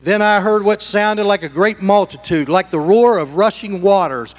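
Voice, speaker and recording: A middle-aged male pastor with a high voice preaches in his church sanctuary. He swings from hushed, conversational asides to loud, excited shouting as he urges the congregation on. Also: normal speed. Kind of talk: sermon.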